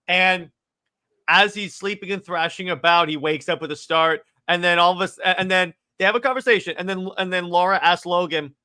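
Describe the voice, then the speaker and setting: A man co-hosting a casual movie discussion, excitedly retelling scenes with lots of stumbling restarts. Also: sits high, smooth. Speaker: podcast co-host.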